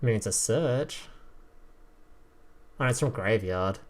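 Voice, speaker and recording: A man chatting on a live stream while reviewing game cards. His pitch swings up and down all the time, and he reads card text between casual, profane asides. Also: slow pace. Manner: animated, swearing, laughing, reading card text aloud.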